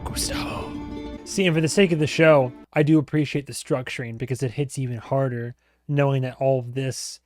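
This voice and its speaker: A man's voice: medium pitch, fairly even intonation, a little fast, darkish tone, faint music behind. A man hosting a reaction video, talking casually and rambling with lots of fillers, laughing often.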